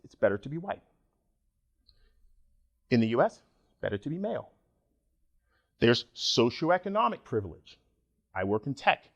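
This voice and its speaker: A middle-aged man from Nigeria giving a conference talk, joking and animated with the audience. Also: fairly high pitch, highs cut off. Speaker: conference speaker.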